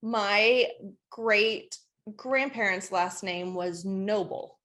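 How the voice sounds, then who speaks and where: A woman's voice: medium pitch, very slow, fairly bright tone. A woman co-hosting a podcast, chatting casually and playfully quizzing her partner on slang terms. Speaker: podcast co-host. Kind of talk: casual chat.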